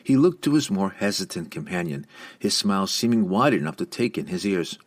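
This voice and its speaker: A man with a low, slightly husky voice reads a fantasy novel aloud. His delivery is expressive, with a lively, rolling melody. It is a steady, scripted audiobook narration. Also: brisk. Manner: expressive storytelling with lively inflection.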